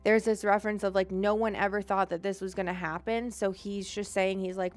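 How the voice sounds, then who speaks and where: A young woman giving a psychic reading on a live stream, gentle and emotional, choked up and rambling with many fillers. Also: mid-range voice, flat delivery, brisk, few pauses. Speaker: psychic medium.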